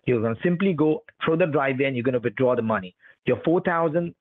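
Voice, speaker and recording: A man's voice: medium pitch, animated, quick pace, a loud crowd. A man on a phone call, barking repetitive, bossy commands in a pushy way. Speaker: phone scammer. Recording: tinny dry phone line.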